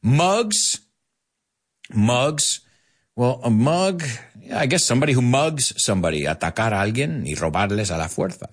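A man in his forties, a podcast host teaching English, talking in an animated way and acting out quotes. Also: fairly quick. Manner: animated, acts out quotes with big pitch jumps. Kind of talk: bilingual English lesson.

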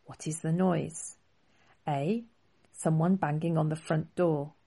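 A woman author reading her own children's book aloud in a clear, expressive storybook style. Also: low-pitched, takes it slowly.

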